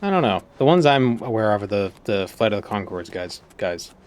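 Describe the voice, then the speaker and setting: A man's voice: on the low side, big pitch swings, a little fast, a little mellow, a little hiss or hum. A man casually chatting and musing while streaming a game, often trailing off mid-sentence. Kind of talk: casual gaming stream chat.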